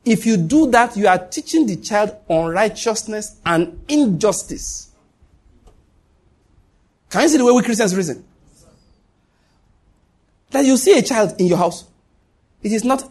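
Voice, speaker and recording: Man, pastor preaching, high voice, husky tone, emphatic and repetitive. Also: very animated, measured pace, long pauses. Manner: emphatic, repeats points, swings pitch up and down. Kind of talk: sermon.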